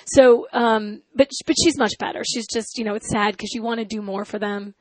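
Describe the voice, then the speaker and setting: A middle-aged woman chatting casually as a guest, telling stories with lively energy and acting out quoted lines. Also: brisk, hardly any pauses, dry recording, rough recording. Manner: animated storyteller, acts out quotes in high voice. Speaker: talk show guest, news journalist. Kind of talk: casual chat.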